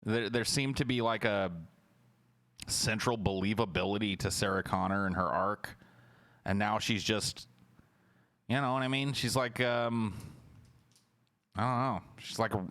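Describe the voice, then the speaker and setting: A man with a lowish voice talks loosely and sarcastically on a livestream. He mocks what he is watching, swears freely, and keeps up a running commentary. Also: measured pace, pauses often, a bit bright, dry recording, clean studio sound. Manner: sarcastic, mocking, profane; mimics lines in exaggerated high voices. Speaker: livestream host reacting to a trailer.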